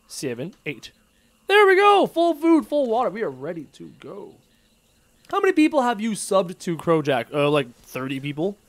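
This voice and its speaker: With a slightly high voice and no echo in the audio, a gaming livestreamer chats casually while he plays. He's animated, full of jokes, and reads out messages from viewers.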